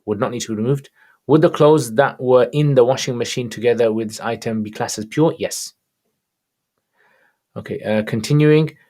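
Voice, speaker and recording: A man answering religious questions on a livestream, reading each viewer question aloud and replying in a casual, relaxed way. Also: mid-range voice, normal speed.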